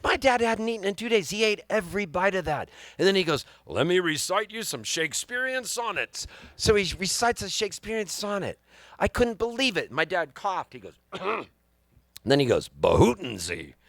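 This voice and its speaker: A man in his fifties telling a long comic story live on stage, animated and rambling with wry timing. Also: high voice, moderate pace, no room sound. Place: live music venue on stage.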